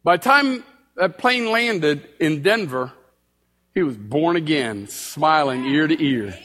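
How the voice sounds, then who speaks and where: Male preacher, high lively voice, storytelling sermon, church reverb. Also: slow pace. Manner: animated, acts out both sides of dialogue. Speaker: street preacher.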